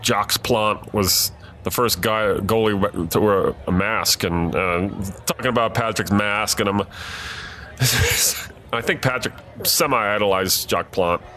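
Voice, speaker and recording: Bright-voiced sports reporter telling stories. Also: male voice, lowish voice, slow, a little hiss or hum. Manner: loose anecdotal telling with laughter. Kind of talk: casual storytelling chat.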